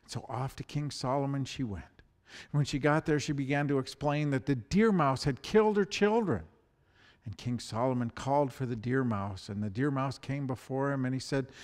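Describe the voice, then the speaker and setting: A man preaching a sermon, reading scripture and telling a fable with animated delivery. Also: mid-range voice, normal speed. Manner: animated storytelling, voices the animals. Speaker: pastor. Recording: long hall reverb.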